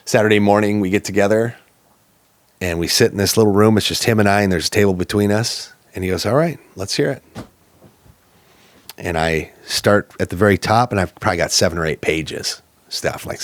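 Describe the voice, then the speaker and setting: A man's voice: low voice, no echo. A man as a podcast guest, telling his own story in a candid, earnest and reflective way.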